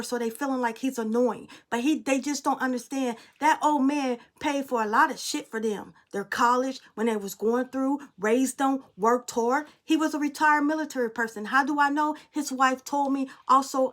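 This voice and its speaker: A high-pitched woman talks casually as a tarot reader and medium. She is blunt and emphatic, and drops swear words freely. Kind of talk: casual spiritual storytelling and tarot reading.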